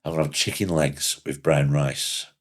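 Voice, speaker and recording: A man's voice: a bass voice, moderate pace. A man hosting a casual pub-style podcast chat, blunt and sweary, recovering from shingles. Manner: blunt, sweary, animated storytelling. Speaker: podcast host.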